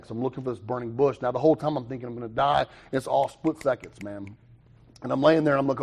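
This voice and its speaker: A young man telling his own recovery story to a meeting, animated, with quick asides and self-mocking humor. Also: mid-range voice, gravelly. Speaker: recovery speaker.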